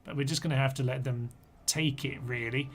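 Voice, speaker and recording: Here a male gaming streamer casually narrates his strategy match, quietly directing his units as he goes. He has a medium pitch, a steady tone, and a brisk delivery.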